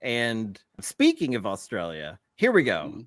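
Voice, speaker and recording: A man co-hosting a casual podcast who laughs often and talks in an easygoing way. His pitch leaps and swoops with great liveliness while his pace stays slow and relaxed. The sound is close and dry. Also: no room sound. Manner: laughs often, animated and chatty. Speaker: podcast co-host.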